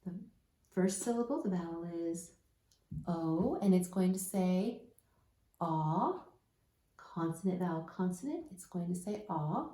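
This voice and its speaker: A woman teaching a slow, deliberate phonics lesson to young children, spelling out letters one at a time and modeling each sound patiently. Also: fairly low pitch, lively intonation, dark tone, echoey room. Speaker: reading intervention teacher.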